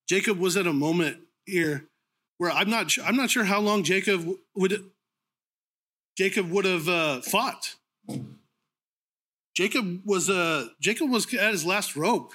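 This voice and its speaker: A man giving a sermon in an informal, conversational way, with frequent ums, restarts and the odd throat-clearing. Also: high voice, slow pace, long pauses, pushed and bright. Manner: clears his throat now and then. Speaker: preacher.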